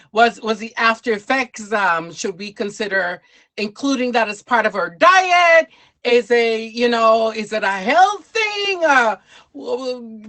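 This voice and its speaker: A woman hosts a live storytelling show, chatting with fillers and announcing guests. She has a mid pitch. Her sound is dry and close. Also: bright, forceful tone, dry recording. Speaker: show host. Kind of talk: live stream hosting.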